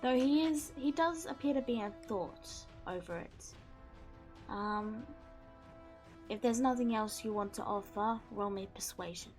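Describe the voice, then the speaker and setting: A woman narrating as game master of a tabletop game, talking slowly and calmly. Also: a little high, soft background music.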